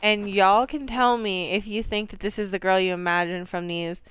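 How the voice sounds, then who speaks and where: Smooth-voiced woman chatting over gameplay. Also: mid-range voice, steady tone, moderate pace, fairly bright tone. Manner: chatty and rambling, with frequent fillers and casual swearing; laughs easily. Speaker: game streamer. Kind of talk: casual gameplay commentary.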